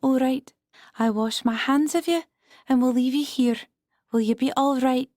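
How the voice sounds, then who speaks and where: A woman voicing a calm, wry witch in an audiobook, speaking in a measured, deliberate way. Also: high-pitched, dry recording, clean studio sound, close to an everyday voice. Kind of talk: audiobook character voice.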